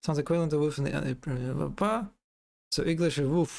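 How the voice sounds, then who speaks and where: A man's voice: a little high, moderate pace, creaky, darkish tone. A man streaming live in casual commentary, amused, often restarting his sentences and imitating animal sounds.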